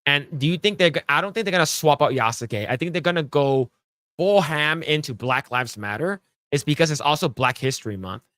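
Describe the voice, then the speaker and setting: A man's voice: fairly high pitch, animated, brisk, a bit bright, no echo. A man co-hosting a podcast, chatting casually and reading news aloud with blunt, crude jokes. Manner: blunt, joking, crude asides. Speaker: podcast co-host.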